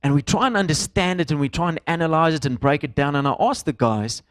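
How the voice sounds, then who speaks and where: A man's voice: fairly high pitch, quick pace, hardly any pauses, no room sound. A man, preaching a conversational sermon to a church congregation, with fillers and stray Afrikaans phrases. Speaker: pastor.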